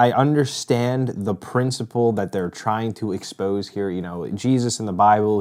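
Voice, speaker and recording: A man co-hosting a political podcast, talking casually with wry, halting remarks. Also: lowish voice, darkish tone. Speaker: podcast co-host.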